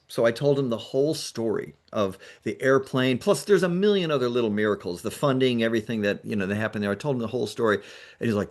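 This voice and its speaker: Guy guest on an interview telling his story, mid-pitch voice, acts out what people said to him. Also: a little fast. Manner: lively retelling that acts out other people's lines. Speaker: guest, nonprofit founder.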